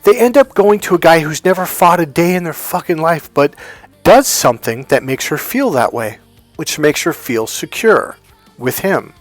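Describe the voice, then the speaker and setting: A man's voice: fairly high pitch, expressive, moderate pace, no room sound. A man giving a dating coach's storytelling monologue, blunt, profane and emphatic, with faint music behind him.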